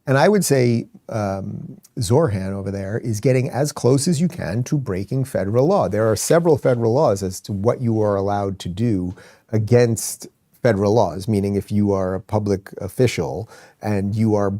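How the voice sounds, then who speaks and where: A male host rants through his political commentary, sarcastic and exasperated. His voice is low and dark. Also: moderate pace. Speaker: show host.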